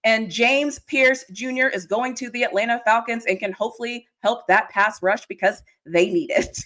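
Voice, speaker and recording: Brief: British woman, giggly and self-conscious, casual livestream read, slightly high voice. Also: moderate pace, hardly any pauses, a bit bright. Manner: giggly, self-conscious, laughs between words. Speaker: guest reading mock draft picks.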